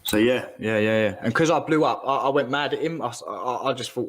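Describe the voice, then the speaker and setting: Guy ranting about someone, slangy and animated, keeps repeating himself. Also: mid-range voice, brisk, hardly any pauses. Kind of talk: ranting casual chat.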